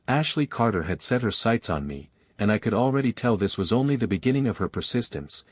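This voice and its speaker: A man narrating a first-person romance story in a flowing, steady manner, carrying long run-on sentences. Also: fairly low pitch, dry recording, studio quality.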